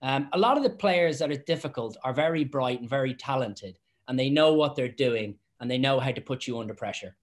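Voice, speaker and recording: A man who used to be a professional referee, chatting on a podcast and telling lively anecdotes with lots of restarts and repeated words. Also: mid-range voice, brisk, hardly any pauses. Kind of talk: casual podcast chat, anecdotes.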